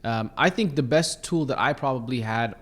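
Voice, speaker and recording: A man in his thirties from Canada hosts a podcast, relaxed and asking long, winding questions. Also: medium pitch, moderate pace. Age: 30s. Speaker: podcast host. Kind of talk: casual interview talk.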